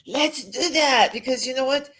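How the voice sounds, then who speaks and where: A woman calling in to a talk show. Her speech flows slowly and dreamily, and her voice sits fairly high. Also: fairly bright tone, a little hiss or hum, poor audio. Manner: slow, flowing, dreamy speech. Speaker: caller. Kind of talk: call-in conversation.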